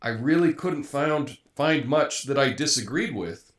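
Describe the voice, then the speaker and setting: Talking through the news on his live commentary show, this host uses an expressive mid-range voice at a measured pace. His delivery is conversational and full of fillers and restarts.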